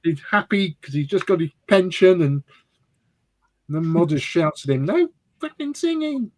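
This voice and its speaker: A man's voice: fairly high pitch, normal speed, darkish tone. A man joking around on a hobby livestream, full of playful teasing banter. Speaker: co-host on a modelling stream. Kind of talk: casual group chat on a modelling stream.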